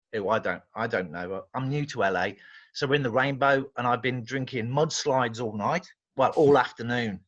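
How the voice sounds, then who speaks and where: An English guest musician chats casually, telling animated, rambling anecdotes and often restarting his sentences. His voice sits at medium pitch, and the audio sounds dull.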